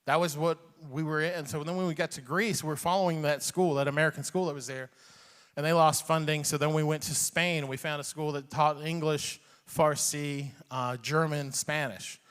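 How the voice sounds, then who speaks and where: Man, 40s, from Iran, comedian, rambling animated storytelling, long reverb. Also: fairly high pitch, moderate pace, clean tone. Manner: rambling and animated, chuckling, acts out quotes. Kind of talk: personal storytelling.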